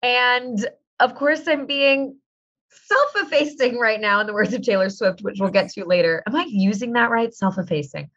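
A woman's voice: on the high side, moderate pace, a bit bright. A woman in her thirties hosting a podcast, chatting in a bubbly, playful, self-mocking way. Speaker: podcast host. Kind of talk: casual chat. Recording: dull lo-fi sound.

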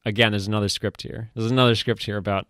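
A man's voice: lowish voice, fairly even intonation, quick pace, a bit bright, no echo, studio quality. A man co-hosting a podcast, chatting casually and in a rambling, joking way about films. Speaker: podcast co-host.

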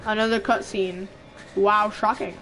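A woman's voice: medium pitch, fairly even intonation, unhurried, over music. A woman playing a video game in casual chat, playful and chatty, full of questions and sound effects. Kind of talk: casual let's-play chat.

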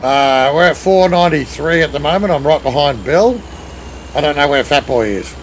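A man's voice: fairly high pitch, animated, normal speed, slight background noise, rough recording. An Australian man hosting a live game stream, chatting casually with friends and reading out viewer comments as he drives. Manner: chatty, reads and answers chat while driving. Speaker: streamer leading a truck convoy.

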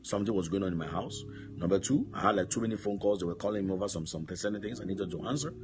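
A man preaching a sermon, telling stories and now and then shouting out commands, with repeated words. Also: deep voice, very fast, over music.

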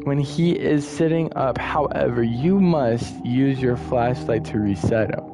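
A young man giving casual, excitable commentary while playing a horror game, muttering one moment and yelling the next. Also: medium pitch, unhurried, music in the background. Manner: excitable, swings from muttering to yelling at jump scares. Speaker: gaming streamer.

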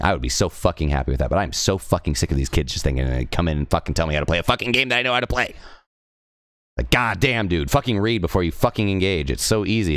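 Brief: exasperated young man live-streaming, foul-mouthed rant, very low voice, dry mic. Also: no room sound. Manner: profane, exasperated, ranting. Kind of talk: heated rant while live-streaming a game.

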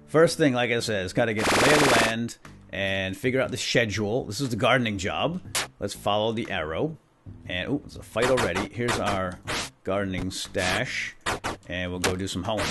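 Playful man with lively swings in pitch. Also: background noise. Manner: playful, bantering with game characters. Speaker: let's play host. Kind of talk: casual gameplay commentary. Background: game music.

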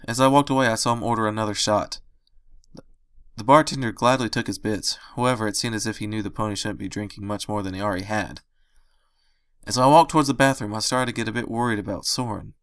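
A man reading fan fiction aloud as first-person narration, in a steady storytelling way on a close, dry microphone. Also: fairly low pitch, fairly quick, smooth, no room sound.

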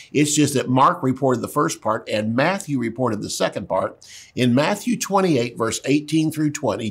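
Husky-voiced older male pastor preaching. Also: mid-range voice. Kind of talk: sermon and Bible teaching.

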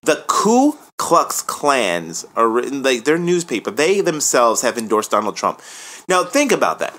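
Forceful, emphatic male podcast co-host. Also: mid-range voice, measured pace. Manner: emphatic and animated, swears freely. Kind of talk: casual political chat.

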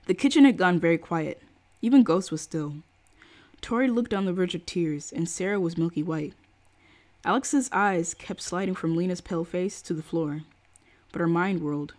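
A woman's voice: fairly low pitch, normal speed, darkish tone. A woman reading a novel aloud on a live stream, with casual, slangy asides to her chat between passages.

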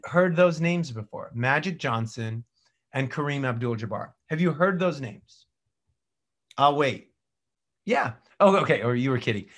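A middle-aged male dentist giving a casual, animated lecture, swinging between loud bursts and quiet asides. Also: on the high side. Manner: casual slang and mild swearing. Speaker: dentist teaching a practice management course. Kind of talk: recorded continuing-education lecture.

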